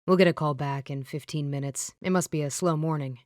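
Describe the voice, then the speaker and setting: A woman's voice: deep voice, brisk, a little mellow, no echo, clean studio sound, voice pushed down, natural voice. A woman voicing a polite, earnest young man in an audiobook.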